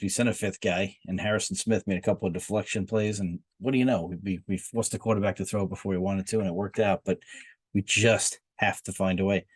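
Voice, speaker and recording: A man's voice: deep voice, a little mellow, slightly rough, no room sound. A man giving blunt, profane football opinions in a rambling rant, full of filler uhs. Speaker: football commentator. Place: Miami.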